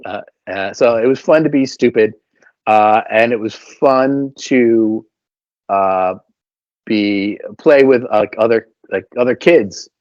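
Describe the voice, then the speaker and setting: A man's voice: medium pitch, darkish tone, dry recording. A man, a puppeteer and voice actor, chatting animatedly as an interview guest and filling his talk with fillers. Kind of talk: casual interview storytelling. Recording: slightly dull, dry recording.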